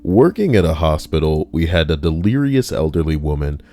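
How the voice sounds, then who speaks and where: A man's voice: very animated, normal speed, mellow. A man reading stories aloud on a live stream, joking and chatting with his viewers between entries, often slipping into silly voices. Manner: jokey, breaks into squeaky silly voices.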